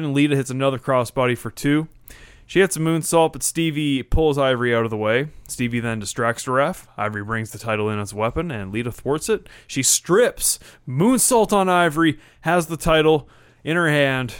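A man's voice: mid-range voice, a bit bright, clear, resonant tone. A man co-hosting a casual wrestling podcast, recapping matches with swearing and laughter. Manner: profane, laughing, recaps matches in quick play-by-play. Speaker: podcast co-host.

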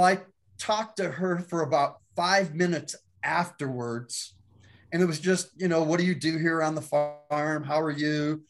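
A man, a pastor, telling his faith story as a guest, animated and laughing often as he acts out the voices in it. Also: a little high. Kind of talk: storytelling testimony.

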